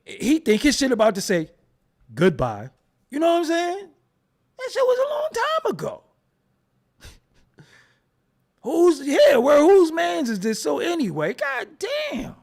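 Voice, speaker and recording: A man's voice: very high voice, wildly swooping pitch, unhurried, vocal fry, long pauses, darkish tone. A man hosting a casual livestream, ranting at his chat in a profane, mocking way. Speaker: show host.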